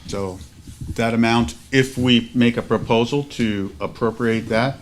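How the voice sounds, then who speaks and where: A man chairing a school board meeting, halting and restarting with fillers as he walks through procedure. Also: medium pitch, fairly even intonation, a little hiss or hum.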